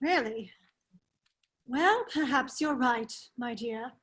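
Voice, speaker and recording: A woman's voice: high-pitched, lively intonation, slow pace. A woman reading the part of a foppish, giggling English aristocrat at a virtual table read of a radio play, with affected, silly laughter. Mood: quiet. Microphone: video call.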